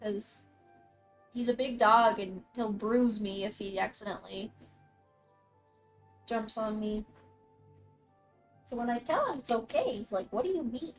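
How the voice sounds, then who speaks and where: A young woman streaming a game, chatting casually with her viewers in a bubbly, excitable way, often breaking off to talk to her dog. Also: medium pitch, unhurried, pauses often, faint music behind. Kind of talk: casual live-stream chat reading comments. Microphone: desk mic, dog close by.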